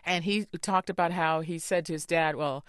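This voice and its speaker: Measured radio interview host. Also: mid-range voice, steady tone, fairly bright tone, clean tone. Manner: measured, conversational, with fillers.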